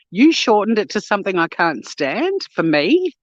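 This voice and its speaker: Out on a walk, an Australian vlogger chats casually, blunt and sweary, telling stories with plenty of animation. Her mid-range voice is sing-song at normal speed with few pauses, and the audio is dull with no echo.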